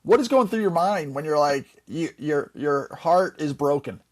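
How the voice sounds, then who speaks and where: Brief: high-pitched male podcast host with a jokey, eager interview style. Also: animated, moderate pace. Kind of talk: casual interview.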